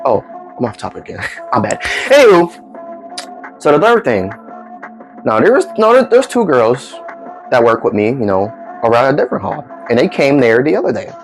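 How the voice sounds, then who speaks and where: A man's voice: medium pitch, normal speed, pauses often, soft background music. A man casually telling funny stories from his day to his followers, rambling and acting out the dialogue. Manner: rambling, animated, acts out dialogue. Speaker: storytime vlogger. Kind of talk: casual storytelling.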